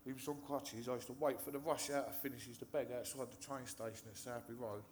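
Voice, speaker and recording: A man's voice: medium pitch, steady tone, quick pace, darkish tone, slight background noise. A man, a recovering addict candidly telling his story, swearing, laughing and mimicking the people in it.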